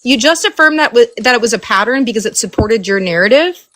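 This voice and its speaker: A woman's voice: a little high, animated, fast, a bit bright. A woman guest in a heated live debate, insistent and repeating herself as she stumbles over words. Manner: insistent, stammering restarts. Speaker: panel guest.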